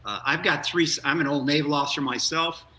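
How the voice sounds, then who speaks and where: An older man talks as a news guest in an earnest, energetic way. His voice is bright and forceful but sits back from the mic. A faint hum runs under the remote feed. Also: on the high side, brisk, far from the mic, low-quality recording. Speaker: former astronaut guest. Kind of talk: live news interview.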